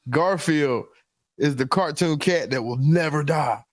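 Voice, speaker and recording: A man's voice: on the high side, measured pace, dry recording. A man, a podcast co-host, laid-back and laughing easily in casual comedy chat.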